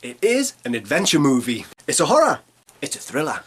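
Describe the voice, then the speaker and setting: A man's voice: a little high, wildly swooping pitch, fairly quick, fairly bright tone, slightly rough. A man in his thirties reading a scripted film review, with sarcastic, punchy jokey asides. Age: 30s.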